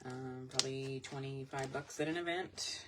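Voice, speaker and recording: A woman's voice: a bass voice, steady tone, normal speed. A woman selling vintage goods online, chatting casually and rambling as she shows items on a live stream. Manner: chatty, rambling, thinks aloud. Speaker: online vintage seller showing products. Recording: loud background noise, crinkling packaging.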